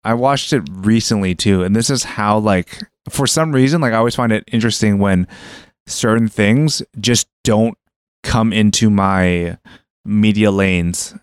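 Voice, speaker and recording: Guy cohosting a chatty podcast, lowish smooth voice, dry close sound, lots of "like"s. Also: a little slow, no room sound. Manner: explanatory, loose with fillers and restarts. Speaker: podcast co-host. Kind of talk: casual chat.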